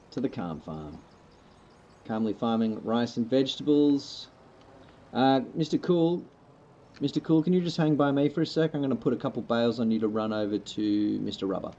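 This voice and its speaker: Male streamer, relaxed and rambling, raspy gravel in the voice, slightly muffled lo-fi mic. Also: medium pitch, normal speed, pauses often. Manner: laid-back, rambling, joking. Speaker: livestreamer playing a farming game. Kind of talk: casual gameplay chat with viewers.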